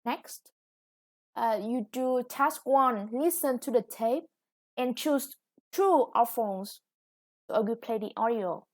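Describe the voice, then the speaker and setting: Slow, patient Vietnamese woman teacher. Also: a little high. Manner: patient, explanatory. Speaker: English teacher. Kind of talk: recorded classroom lesson.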